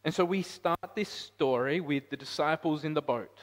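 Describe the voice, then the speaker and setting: Preacher with ringing hall reverb. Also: male voice, on the high side, moderate pace. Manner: rises to loud emphatic peaks, then drops quiet. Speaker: pastor. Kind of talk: sermon.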